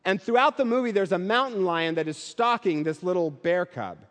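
A man's voice: high-pitched, expressive, normal speed, a bit bright. A male pastor preaching a Christmas sermon with rhythmic, building repetition. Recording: long hall reverb.

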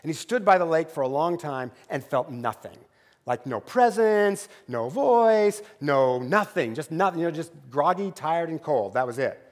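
A man's voice: on the high side, lively intonation. Man preaching in a reverberant church. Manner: conversational storytelling with asides like "right?"; drops to a quiet, slow prayer voice. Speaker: pastor. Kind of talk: sermon. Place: church sanctuary.

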